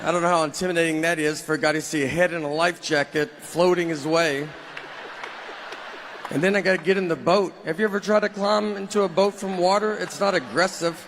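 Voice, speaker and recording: Deadpan Southern man on a stage. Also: fairly high pitch, fairly quick. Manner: deadpan storytelling. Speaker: stand-up comedian. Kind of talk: stand-up set. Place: comedy stage. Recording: noisy live venue recording. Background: audience laughter.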